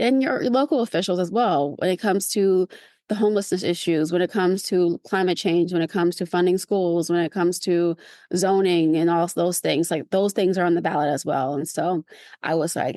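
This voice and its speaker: Lively woman chatting on a podcast. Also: normal speed, no echo, clean studio sound. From California. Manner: animated, playful, breaks into high mimicking voices. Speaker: podcast co-host. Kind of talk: casual chat.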